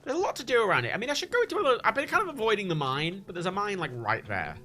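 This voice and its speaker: A man's voice: sits high, big pitch swings, very fast, bright, forceful tone, soft background music. A man chatting casually and jokily while he plays through a video game on a livestream. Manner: chatty, sweary, jokey. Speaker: gaming livestreamer.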